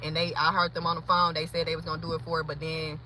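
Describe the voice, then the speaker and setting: A woman's voice: sits low, little pitch movement, fast, rough recording. A woman talking casually in a rambling, chatty way with a valley-girl lilt while she drives and vlogs from her car. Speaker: vlogger. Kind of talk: casual chat vlog while driving. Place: inside a car on the road. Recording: loud traffic and road noise.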